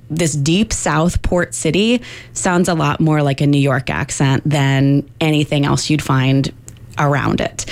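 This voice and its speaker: A woman linguistics professor answering radio interview questions in a clear, measured, explanatory way. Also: low voice, no echo.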